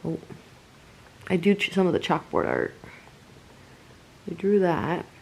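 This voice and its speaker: A woman's voice: very animated, unhurried, gravelly, poor audio. Chatty young woman vlogging at home. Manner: chatty, switches to high baby talk with the kitten. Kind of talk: casual vlog chat. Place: home bedroom, indoors.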